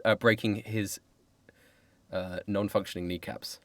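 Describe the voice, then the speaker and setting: A man's voice: on the low side, level tone, measured pace, no echo. A man running a tabletop game as dungeon master, narrating playfully and laughing often.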